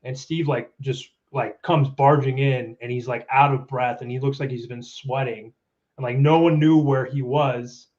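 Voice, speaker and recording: A man's voice: mid-range voice, steady tone, normal speed, a little mellow. Man in loose profane banter, lo-fi. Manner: loose, swearing, laughs often. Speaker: podcast guest, former contractor coworker.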